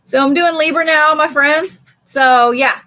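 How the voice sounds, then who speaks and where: Woman card reader on a home live stream, high bright voice, chatty, swears and laughs. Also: a little slow. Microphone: streaming setup.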